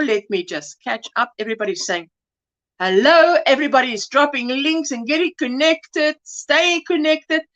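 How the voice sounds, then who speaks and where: Chatty high-voiced woman. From South Africa. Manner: warm greetings, repeats hellos, calls viewers sweetheart. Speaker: crochet livestream host. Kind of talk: casual livestream chat reading viewer comments.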